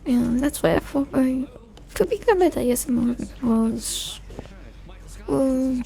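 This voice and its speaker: A young woman soft-speaking for an ASMR video, rambling in a relaxed way, losing her focus and mocking herself, sometimes dropping into a whisper. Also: high-pitched, takes it slowly, creaky. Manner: rambling and self-deprecating, loses focus; soft-spoken with bits of whisper. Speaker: ASMR creator. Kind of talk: soft-spoken ASMR chat.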